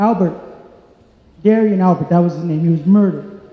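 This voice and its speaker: A man's voice: sits high, normal speed. Angry community speaker, man, heated and repetitive; echoey church hall, muffled. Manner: angry, emphatic, repeats points. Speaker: community member speaking at public meeting. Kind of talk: impassioned public comment. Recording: echoey hall, dull sound.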